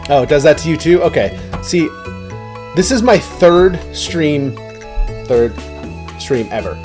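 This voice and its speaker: A man's voice: a little high, expressive, measured pace, music in the background. A man chatting casually while streaming a game, rambling and talking to his viewers. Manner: rambling, chatty, many fillers and restarts.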